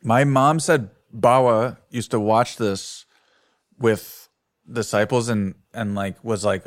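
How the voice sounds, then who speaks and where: A man's voice: fairly low pitch, steady tone, slow pace, no room sound, clean studio sound. A man who is a guest comedian on a podcast, amused and laid-back in casual chat.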